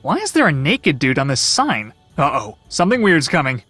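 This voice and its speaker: Snarky young time traveler guy, lowish voice, super lively, dry sound w/ music. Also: moderate pace, slightly rough, no echo, exaggerated voice. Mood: wry. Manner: wisecracking, casual, sarcastic. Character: sarcastic young male time traveler hero. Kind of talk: video game voice acting.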